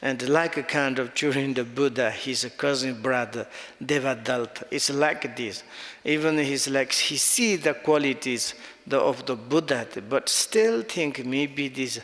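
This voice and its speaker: Man, Tibetan accent, dharma talk, halting English, restarts often, long reverberant room. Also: medium pitch, a bit bright. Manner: halting non-native English with many restarts. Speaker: Buddhist teacher. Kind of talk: dharma teaching.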